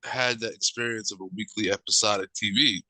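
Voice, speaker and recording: Podcast guy, blunt and sweary, super bright sharp tone, dry close mic. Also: lowish voice, steady tone, a little fast, no echo, rough recording. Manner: blunt and swears freely, jokey. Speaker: podcast co-host. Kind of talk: casual wrestling chat.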